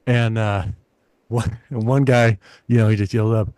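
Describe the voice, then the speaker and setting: A middle-aged man, a stand-up comedian, telling a lively story in a casual interview, acting out the people in it. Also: lowish voice, normal speed, no echo. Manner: animated anecdote-teller, acts out quoted voices.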